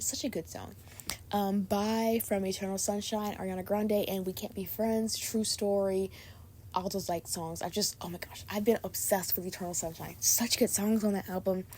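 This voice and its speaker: Late at night, a sleepy, tired young woman chats casually on her own podcast, bubbly and gushing. She has a warm, mid-range voice, and there's a little hiss or hum in the recording.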